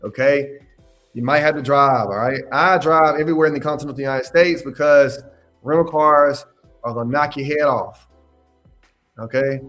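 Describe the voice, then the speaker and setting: A young man hosting a casual livestream Q&A as a mentor. He talks in an animated, slangy way, laughs often and repeats his phrases. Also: medium pitch, normal speed, soft background music. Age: young adult. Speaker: independent adjuster mentor hosting a live Q&A.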